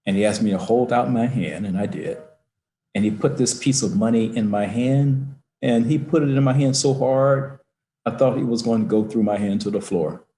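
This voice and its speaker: An older man telling a heartfelt personal story at an unhurried pace over a video call. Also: mid-range voice, mellow, roomy sound, slight background noise. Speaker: guest speaker.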